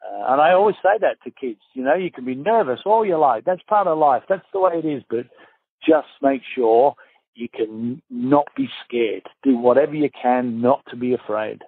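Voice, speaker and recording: Lively Australian man on a tinny line. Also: medium pitch, normal speed, creaky, breathy edge, no echo. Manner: lively storyteller acting out quotes. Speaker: former footballer guest. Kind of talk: casual storytelling interview. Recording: tinny phone-like dry sound.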